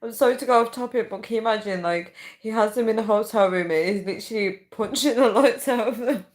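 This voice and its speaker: A woman's voice: on the high side, fast. A woman hosting a casual live chat, laughing helplessly and out of breath as she talks. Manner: laughing helplessly, squealing through words. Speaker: live-stream host reading viewer comments.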